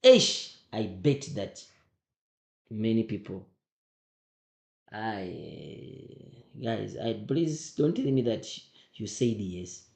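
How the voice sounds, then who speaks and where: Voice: mid-range voice, animated, very slow, vocal fry, pauses often, mellow. A teacher going through exam questions, emphatic and often repeating questions back to the class. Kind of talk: exam revision lesson. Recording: roomy echo.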